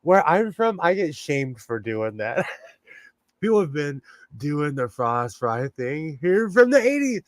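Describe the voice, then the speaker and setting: A man's voice: a little high, lively intonation, slow, no echo. A man chatting casually on his live stream, reading the chat and laughing often. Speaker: livestream host reading chat. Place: home in California.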